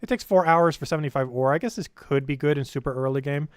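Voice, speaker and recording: A man's voice: on the high side, fast talker, smooth, no room sound, clean studio sound. A young man live-streaming a game, giving casual, rambling commentary full of filler words.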